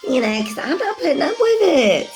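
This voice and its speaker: A woman's voice: sits high, big pitch swings, moderate pace, music in the background. A woman in her forties chatting casually with livestream viewers, rambling, calling them sweetie and laughing often. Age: 40s.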